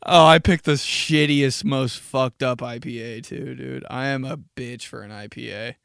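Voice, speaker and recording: A man's voice: medium pitch, moderate pace, vocal fry, hardly any pauses, clear, resonant tone, no echo, studio quality. A young man telling stories with lots of swearing and laughter, in a casual comedic podcast monologue. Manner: profane, animated storytelling with frequent laughter. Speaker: podcast host.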